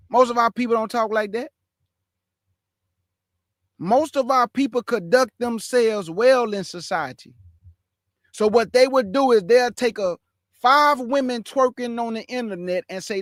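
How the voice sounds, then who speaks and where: A man preaching in a high, forceful register, hammering his points home with repeated phrases. The recording is dry and close, with no room sound around him. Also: animated, normal speed, dry recording. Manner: emphatic, repetitive preaching cadence. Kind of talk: impassioned sermon.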